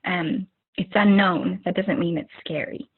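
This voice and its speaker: A woman's voice: on the low side, fairly even intonation, unhurried, slightly rough. A young woman giving an informal motivational talk over a video call, rambling, with many fillers and restarts. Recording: narrow phone-like video call audio.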